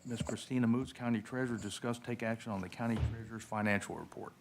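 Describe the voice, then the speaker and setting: A man's voice: medium pitch, steady tone, fast talker, very noisy. A man chairing a county meeting, moving through agenda items informally with fillers.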